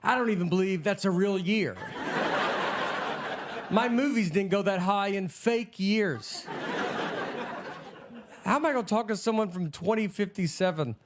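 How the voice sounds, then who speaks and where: High-voiced deadpan comedian. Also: male voice, a little slow, long pauses. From Tennessee, USA. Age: 40s. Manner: deadpan, understated storytelling with bemused quoted dialogue. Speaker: comedian hosting a TV sketch show. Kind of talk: stand-up comedy monologue. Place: stage of a TV studio before a live audience. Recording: noisy live studio audience laughter.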